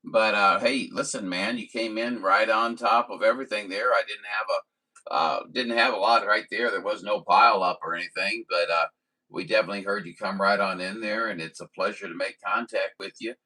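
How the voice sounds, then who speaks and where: A man's voice: fairly low pitch, steady tone, fairly quick, pushed and bright, rough recording. A man from Missouri running a CB radio stream, chatting in a folksy, rambling way with radio jargon. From Missouri, USA. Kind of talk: radio contact chat.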